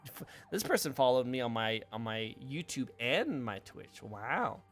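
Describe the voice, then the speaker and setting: A man's voice: medium pitch, sing-song, unhurried, fairly bright tone. A young man from the United States hosting a casual stream interview, upbeat, often repeating his phrases and laughing easily.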